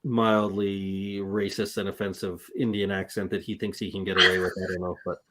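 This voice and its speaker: A man's voice: sits low, little pitch movement, normal speed, bright, forceful tone. Joking man co-hosting a football stream. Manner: self-deprecating, joking banter. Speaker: co-host. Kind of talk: casual live-stream football chat.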